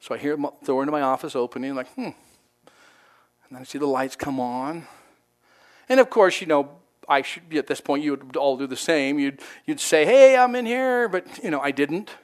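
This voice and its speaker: A male pastor giving a conversational, animated sermon, acting out quotes as he tells the story. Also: mid-range voice, moderate pace. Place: church sanctuary.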